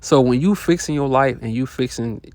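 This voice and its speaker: A self-help vlogger delivers a casual motivational monologue that feels loose and unscripted, blunt and full of profanity, with slang and quick laughs scattered between points. His middle-pitched voice is slightly mellow and moves at a normal speed. The recording is dry and close, with no echo from the room.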